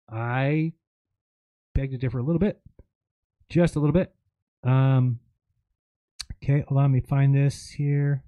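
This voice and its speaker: A man's voice: on the high side, a little mellow, no room sound. A man hosting a live stream in a casual, rambling monologue, sarcastic and mocking as he quotes others.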